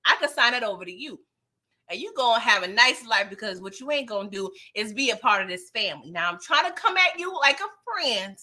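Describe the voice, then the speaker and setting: A cool, scheming woman talks down to her listener in a bright, fairly high voice. She sounds condescending and controlled, as another woman puts her on in a retelling. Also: expressive, brisk. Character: cold, scheming woman making a buyout offer.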